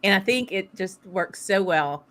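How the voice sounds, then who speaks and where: A woman's voice: medium pitch, animated, measured pace, a bit bright. A woman with a Southern American accent hosting a casual whisky tasting chat, thinking aloud and laughing often. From southern United States. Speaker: host.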